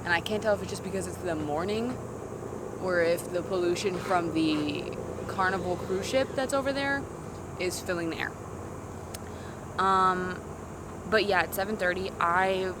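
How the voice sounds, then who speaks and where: Young woman, casual slangy vlog chat, lowish voice, city street noise behind. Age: young adult. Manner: rambling, slangy, self-interrupting. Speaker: vlogger. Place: outdoors in a city in the morning.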